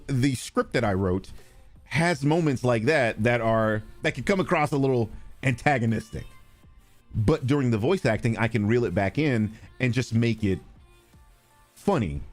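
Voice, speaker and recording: A man streaming live, chatting casually and responding to viewers, animated and blunt, with frequent swearing. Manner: animated, swings between loud and low, swears freely.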